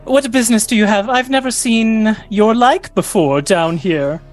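A man voicing a vain, grand female ant queen in a high, gushing voice with trilling laughs. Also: normal speed, soft background music, close to an everyday voice.

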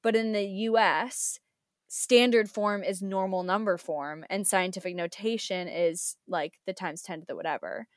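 A woman's voice: mid-range voice, steady tone, moderate pace, dry recording. Woman, young adult, American accent, teacher, casual chat, fillers and restarts, dry close sound. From United States. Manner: chatty, many fillers and restarts. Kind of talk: casual conversation.

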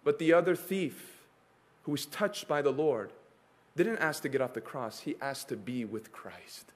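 A man delivers a sermon in a high, ringing voice. He speaks emphatically and builds through repetition. He leaves long dramatic pauses between the lines. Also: animated. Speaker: preacher.

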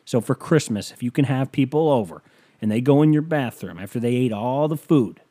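A man's voice: mid-range voice, lively intonation, a little fast, dark tone. A man hosting his own podcast, doing a joking, crude, hyped-up ad read from a bedroom at home. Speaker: podcast host. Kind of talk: comedic ad read.

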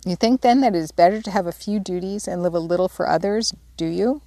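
A woman reading a wise, gentle mother of four girls, calm and earnest as she gives advice. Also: fairly low pitch, fast talker, no room sound, natural voice.

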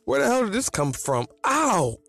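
A man's voice: high voice, very animated, moderate pace, vocal fry, breathy edge, faint music behind, pitched above the performer's own voice, exaggerated voice. A man voicing a blunt, sassy teenage girl with a sweet tooth in a storybook reading. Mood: startled. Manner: blunt, teasing, loud.

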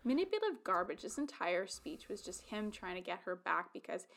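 A woman co-hosting a podcast who tells film scenes in a lively, animated way in casual chat. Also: medium pitch, fairly quick, vocal fry. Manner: animated storytelling, acting out film dialogue. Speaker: podcast co-host.

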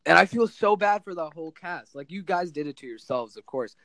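Animated high-voiced young man from New Jersey. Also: brisk, dry recording. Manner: animated, exaggerated storytelling with mock quotes. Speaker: podcast guest. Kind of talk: casual chat.

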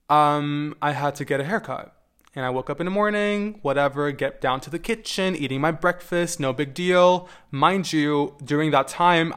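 A young adult man vlogger with a voice on the high side and a fairly bright tone tells personal stories to camera. He's casual and candid, swears freely, and throws in wry asides.

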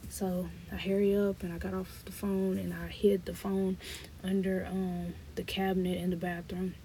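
A woman's voice: on the low side, level tone, moderate pace, mellow, slight background noise. A woman hosting a podcast, telling a personal story and acting out the dialogue while speaking to listeners directly. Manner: reenacts dialogue, talks to listeners as y'all. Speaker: podcast host.

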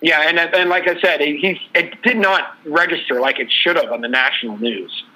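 A man's voice: on the high side, moderate pace, bright, forceful tone, low-quality recording. A man co-hosting a casual sports talk show, telling a sports story in a loose, rambling way. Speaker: podcast co-host.

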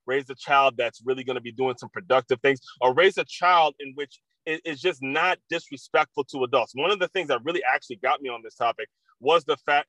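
A man's voice: medium pitch, sharp tone, dry recording, poor audio. A man hosting a podcast, talking casually and candidly with frequent swearing and restarts. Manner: candid, profane, repetitive restarts. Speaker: podcast host. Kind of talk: casual monologue.

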